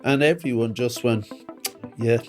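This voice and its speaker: A man's voice: medium pitch, unhurried, over music. A man with an Irish accent being interviewed, emphatic, posing questions and answering them himself. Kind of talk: interview recollection.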